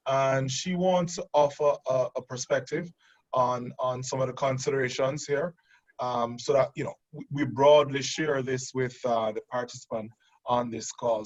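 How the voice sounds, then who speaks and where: A man's voice: mid-range voice, a little slow. A man hosting a webinar segment over a video call, speaking hesitantly with many fillers and restarts. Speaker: segment host. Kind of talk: webinar moderation. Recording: muffled video call audio.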